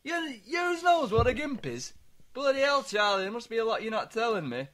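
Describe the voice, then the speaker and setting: A man voicing his older dad, who exclaims loudly and slowly in exasperation. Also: very high voice, sing-song, exaggerated voice. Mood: baffled. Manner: loud, slow, exasperated exclaiming. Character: gruff older Yorkshire dad, easily shocked.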